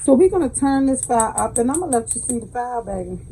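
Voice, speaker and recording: A woman's voice: a little high, lively intonation, fast talker, mellow, a little hiss or hum, rough recording. A woman with a Southern American accent hosting a home cooking tutorial in her kitchen, chatting folksily and calling her viewers baby. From Southern United States. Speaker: cooking channel host.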